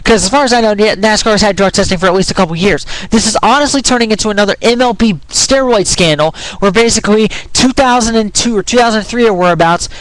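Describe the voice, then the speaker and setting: Talking fast with few pauses, a young man with a high, fairly bright voice rants through an opinion vlog. He argues with swearing, restarts his sentences in frustration, and cracks when his pitch rises, in poor audio without echo.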